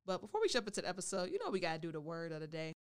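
A woman's voice: on the low side, big pitch swings, racing. A woman hosting a solo storytelling podcast, talking playfully and now and then referring to herself in the third person. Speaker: podcast host.

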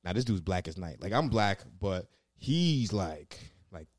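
In a deep, sing-song voice at a measured pace, this laid-back man rambles through casual stories packed with swearing and filler words. The studio sound is clean, with no echo.

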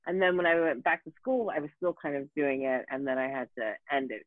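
A woman telling a story in casual talk, animated and profane, with many fillers and restarts. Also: a bass voice, brisk, no echo. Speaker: guest. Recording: tinny phone-like dry sound.

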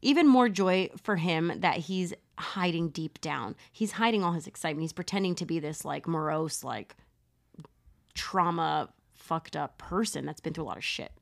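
Lady podcast host telling a crime story, kinda low voice, swears a lot, super casual. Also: moderate pace, gravelly. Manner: profane, laughing, conversational narration.

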